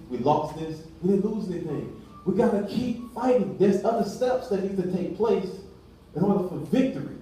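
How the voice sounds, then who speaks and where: A man's voice: on the high side, mellow, slight background noise. A man preaching a sermon in a casual, colloquial way, acting out dialogue as he goes. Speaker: pastor. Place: church hall. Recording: echoey room from far off the mic.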